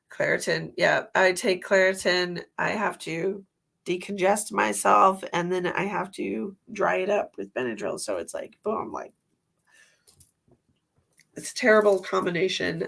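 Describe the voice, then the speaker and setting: A woman's voice: medium pitch, unhurried, creaky, fairly bright tone. A woman hosting a psychic livestream, giving tarot readings and chatting casually with viewers, with a stuffy nose from allergies. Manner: chatty, rambling, laughs at herself.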